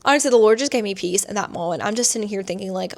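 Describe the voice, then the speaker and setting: A woman's voice: medium pitch, very fast. A woman in her twenties, seated indoors, tells a personal story to camera, filling her speech with "like". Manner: chatty, many filler "like"s. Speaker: vlogger.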